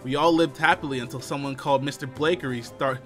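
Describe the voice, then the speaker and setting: A man reading the lines of a townsperson in a game, telling the town's dark history in a low, hushed, even voice. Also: fast, faint music behind, natural voice. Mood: somber.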